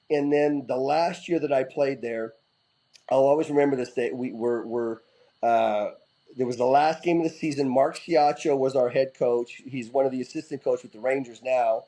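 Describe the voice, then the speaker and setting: Animated and prone to restarting, a middle-aged ex-hockey player tells rowdy stories and swears casually as a guest in a relaxed interview. He speaks at a normal speed in a mid-range voice, and the recording quality is low.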